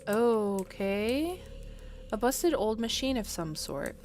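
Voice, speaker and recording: A woman's voice: fairly high pitch, sing-song, slow, a little mellow, a little hiss or hum. A woman streaming a horror game, talking herself through it with jumpy, nervous laughter and reading the game's text aloud. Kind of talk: casual game commentary.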